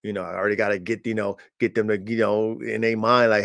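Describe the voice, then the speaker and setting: A man's voice: little pitch movement, quick pace, gravelly, few pauses, fairly bright tone. A man hosting a livestream about his working dogs, boastful and profane, speaking. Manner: boastful, swaggering and profane, pitch jumping up when hyped. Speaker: dog breeder hosting a livestream. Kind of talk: casual livestream monologue. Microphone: streaming mic.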